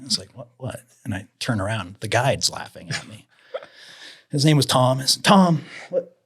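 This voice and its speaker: A man telling fishing stories as a podcast guest in a casual, animated way, raising his voice to act out the people he quotes. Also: on the low side, moderate pace, gravelly, husky. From Idaho, USA. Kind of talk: casual storytelling in an interview.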